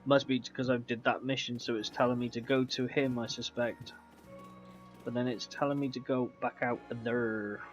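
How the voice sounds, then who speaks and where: A man's voice: medium pitch, fairly even intonation, moderate pace. A man gives loose, chatty commentary while playing a game live. He drifts from one thought to the next and answers his viewers along the way. The recording is a little muffled, with faint music in the background. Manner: chatty, rambling, answers chat aloud. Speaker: game streamer. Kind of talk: casual gameplay commentary.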